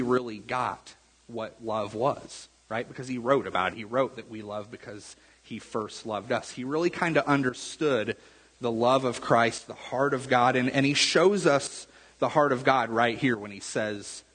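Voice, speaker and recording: Male pastor, chatty sermon delivery, husky voice, long church-hall reverb. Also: mid-range voice, a bit bright. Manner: conversational, repeats words, asks the room "right?". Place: church sanctuary.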